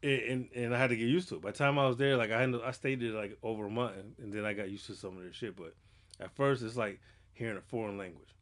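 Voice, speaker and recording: A man from Massachusetts co-hosting a podcast, telling loose, animated stories full of slang and swearing. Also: on the low side, quick pace. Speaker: podcast co-host. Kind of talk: casual chat.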